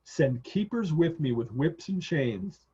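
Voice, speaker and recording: A man's voice: fairly high pitch, animated, measured pace, warm tone, slightly rough, heavily acted. A man reading as a pleading asylum inmate. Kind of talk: reading a novel passage aloud. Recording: dull lo-fi video call audio.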